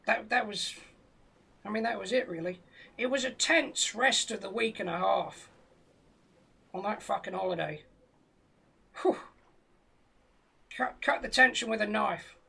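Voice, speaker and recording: British comic storyteller, man with a high, gravelly voice, swears freely, tells absurd tales dead straight. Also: measured pace, long pauses, pushed and bright. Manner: profane, rambling tall tale told straight. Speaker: comedian telling a story. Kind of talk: comic storytelling on a live stream.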